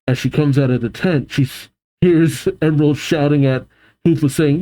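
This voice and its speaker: A man reading a comic aloud and reacting to it, animated, laughing often and voicing the characters. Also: mid-range voice, moderate pace.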